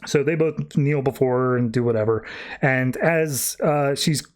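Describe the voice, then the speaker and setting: A man hosting a podcast, giving a rambling, casual recap of a comic book story. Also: medium pitch. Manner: rambling, breezy summarizing with quick mock voices. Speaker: podcast host.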